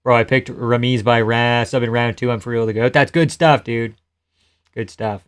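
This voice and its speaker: A man's voice: medium pitch, steady tone, normal speed, clear, resonant tone. Joking, profane male streamer. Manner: loose, joking, profane, laughs often. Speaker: live streamer. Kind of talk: casual live fight commentary and chat reading.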